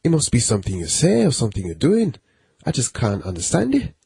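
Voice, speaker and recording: A man doing a rough impression of a puzzled Scottish male coworker, in a put-on Scottish accent. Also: medium pitch, wildly swooping pitch, a little fast, mellow, dry recording, full character voice. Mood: baffled.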